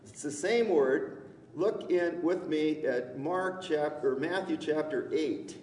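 A male pastor delivers a sermon at an unhurried pace, stopping often on fillers and restarts, with a light conversational humor. His voice sits a little high for a man. The sound is roomy and carries a long church reverb, picked up by a distant mic. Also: darkish tone, slight background noise. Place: church sanctuary. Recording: echoey hall, distant mic.

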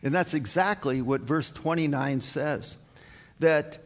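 A man preaching a communion sermon as pastor, slow and earnest, building to emphatic high points. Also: big-room sound. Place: church sanctuary.

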